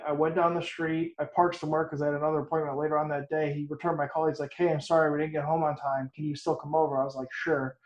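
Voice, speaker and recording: A man's voice: a little high, a little mellow. A man, an insurance agent, telling an earnest story about a client in a casual team meeting on a video call. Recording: echoey dull call audio.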